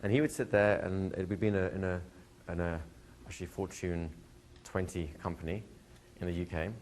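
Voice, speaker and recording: A man's voice: low-pitched, steady tone, a little fast, darkish tone, slight background noise. A man, a hypnosis instructor, answering a student's question in a live workshop, telling stories, laughing and acting out quoted dialogue. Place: training room with students.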